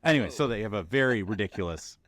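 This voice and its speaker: A man co-hosting a podcast, chatting casually and jokily, acting out movie characters in quick little voices. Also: fairly low pitch, animated, fairly bright tone, no room sound, studio quality. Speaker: podcast co-host. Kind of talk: casual chat.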